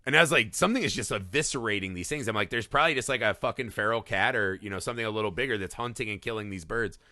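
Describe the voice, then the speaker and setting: A man in his thirties co-hosting a film podcast, his voice very bright and forceful. He tells stories with animated energy, swears freely and keeps checking in with "right?". The sound is dry and close. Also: fairly low pitch, very fast, no room sound. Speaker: podcast co-host. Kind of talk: casual film podcast chat.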